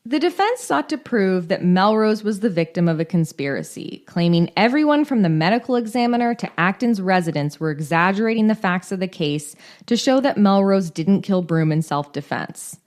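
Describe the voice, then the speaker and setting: A woman with a medium-pitched, slightly mellow voice talks at a moderate pace with plenty of animation. She's a podcast co-host narrating case notes in an easygoing true-crime way, full of irreverent jokes and profanity.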